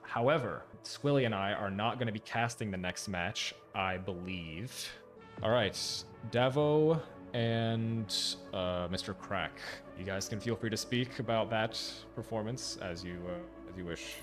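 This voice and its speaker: A man casting a speedrun tournament stream, relaxed and hedging as he sums up a match. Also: fairly low pitch, unhurried, faint music behind. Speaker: tournament caster. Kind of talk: esports commentary.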